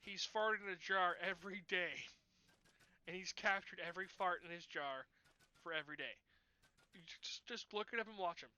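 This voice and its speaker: A man's voice: high voice, normal speed, bright, forceful tone, smooth. A man casually commenting while he plays a video game, rambling through explanations to his viewers. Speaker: gaming channel host.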